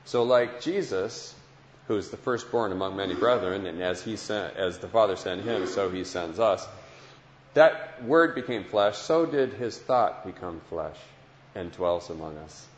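Earnest preacher in an echoey hall. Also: male voice, deep voice, animated, unhurried, slight background noise. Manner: warm, earnest, repeats phrases. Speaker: preacher giving a testimony. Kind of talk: heartfelt Christian sermon. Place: large hall with listeners. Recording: dull lo-fi sound with long hall echo.

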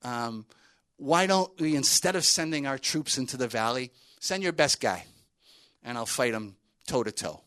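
Man doing a loud, taunting giant warrior. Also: mid-range voice, expressive, moderate pace, clean tone, natural voice. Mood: challenging. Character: boastful giant male warrior taunting enemies.

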